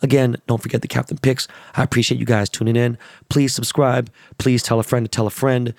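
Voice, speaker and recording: A middle-aged man hosting a casual solo podcast, hoarse from losing his voice, talking in a loose, profane, hyped way with plugs and shout-outs. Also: medium pitch, little pitch movement, fairly quick, no room sound, clean studio sound. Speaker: podcast host.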